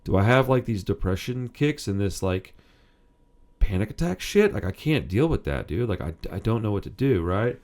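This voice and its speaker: A man's voice: on the low side, sing-song, normal speed, darkish tone. A man in his thirties hosting a punk music channel, telling a personal story in a rambling, self-interrupting way and swearing casually.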